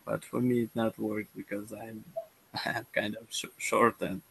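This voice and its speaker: A young man with a Russian accent, a language student chatting in a lesson, halting with many restarts and repeated words. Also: lowish voice, little pitch movement, creaky, fairly bright tone, slight background noise, poor audio. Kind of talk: casual conversation lesson.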